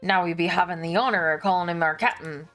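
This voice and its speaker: A woman voicing a crude, blustering pirate sailor man who talks in a rough pirate dialect and hurls insults. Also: fairly low pitch, huge pitch swings, takes it slowly, bright, forceful tone, soft background music, heavily acted. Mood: gruff.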